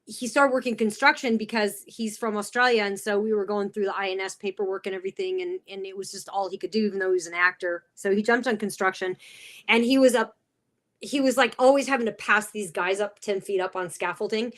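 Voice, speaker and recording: A woman telling funny stories in a casual podcast chat, animated and often laughing. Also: medium pitch, brisk.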